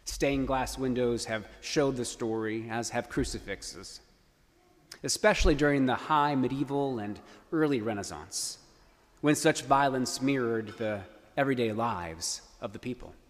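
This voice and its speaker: Emphatic preacher in a reverberant church. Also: male voice, medium pitch, a little slow. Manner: earnest, emphatic storytelling. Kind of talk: sermon. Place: church sanctuary.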